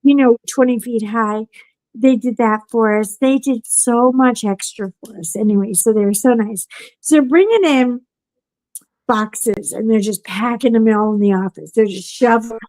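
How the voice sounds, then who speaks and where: A woman podcast host telling a story in casual chat, animated and acting out what people said. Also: fairly high pitch, moderate pace, no echo, rough recording. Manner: animated storyteller who acts out quotes.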